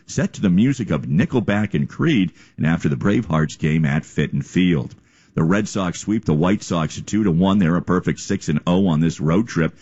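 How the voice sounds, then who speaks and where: A man's voice: sits low, a little mellow, slightly rough, highs cut off. A man reading a local radio news bulletin in a formal newsreader delivery. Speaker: news anchor.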